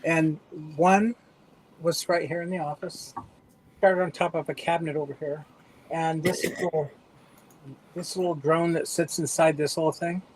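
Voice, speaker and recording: A woman on a video call from her home office, calmly telling a story to the group in a matter-of-fact way. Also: low-pitched, moderate pace, rough recording. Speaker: guest. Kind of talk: casual group video chat.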